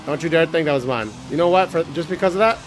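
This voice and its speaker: A man casually commentating a video game playthrough, excitable and joking, swearing often and singing bits to himself. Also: on the high side, fast, music in the background. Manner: excitable, swearing, jokey, sings snippets. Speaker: gaming channel host. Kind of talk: let's play commentary.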